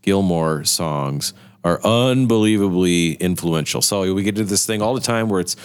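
A man's voice: deep voice, normal speed, smooth. A man on a podcast thinking aloud in casual chat, weighing good and bad points. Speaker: podcast co-host.

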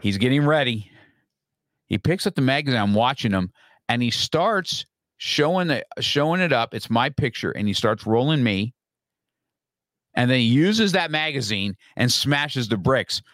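A middle-aged man on a podcast, telling a story in a lively, casual way and acting out his own lines from the past. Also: medium pitch, normal speed, no room sound. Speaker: podcast guest.

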